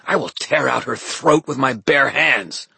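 A man's voice: high voice, sing-song, drawn-out words, a bit bright, breathy edge, dry recording, pitched above the performer's own voice, heavily acted. A man reading aloud, voicing a cruel, mad fairy queen in a raised, strained voice. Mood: taunting.

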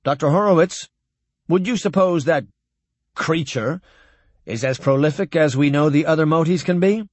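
A man's voice: fairly high pitch, moderate pace, long pauses, no echo, pitched above the performer's own voice, natural voice. A man voicing a blunt, plain-spoken male senator. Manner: blunt, folksy.

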